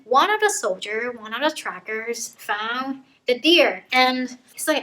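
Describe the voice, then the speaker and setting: Woman, book vlogger, casual recap, slightly high pitch, bright tone, chatty and playful. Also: expressive, a little slow, few pauses, low-quality recording. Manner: chatty, loose and playful, acts out quotes.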